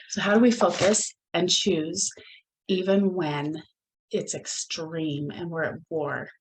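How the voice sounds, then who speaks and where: A woman's voice: on the low side, fairly even intonation, poor audio. Earnest woman hosting a solo podcast. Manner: earnest, reflective, with pauses and restarts. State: gets emotional at moments. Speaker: podcast host.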